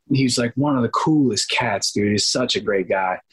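A man in his thirties, an actor being interviewed, telling animated stories and acting out the people in them with many asides and restarts. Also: mid-range voice, moderate pace, hardly any pauses, husky, poor audio. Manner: acts out quoted voices, many restarts and asides. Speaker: actor guest.

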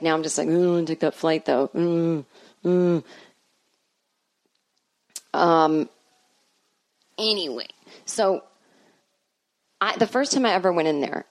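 A woman in her forties riffs through a casual comedic monologue, chatty and self-deprecating. Her voice sits a little low, and the stories wander as she goes. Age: 40s. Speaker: podcast host, comedian.

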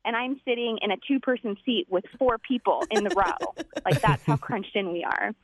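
A woman telling a comedic personal story, animated and acting out voices as she goes. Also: on the high side, moderate pace, no echo. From United States. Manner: animated, acts out voices in quotes. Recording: dull, lo-fi dry recording.

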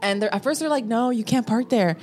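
A woman guest on a podcast, telling a story in a casual, animated way and acting out her own lines. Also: brisk. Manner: animated, acts out her own quotes with rising pitch.

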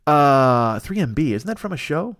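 A man's voice: on the high side, sing-song, moderate pace, a bit bright, dry recording, studio quality. A man hosting a solo podcast, rambling and swearing freely as he riffs in a casual monologue. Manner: profane, rambling, riffing with voiced asides. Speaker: podcast host.

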